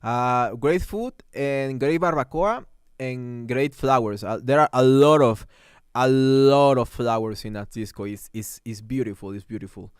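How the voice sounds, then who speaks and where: A young man hosts a casual livestream and reads out viewer comments as he goes. His English is halting and full of restarts and fillers. His voice is smooth and clear, recorded close on a dry microphone. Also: mid-range voice, no echo. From Mexico. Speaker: livestream host.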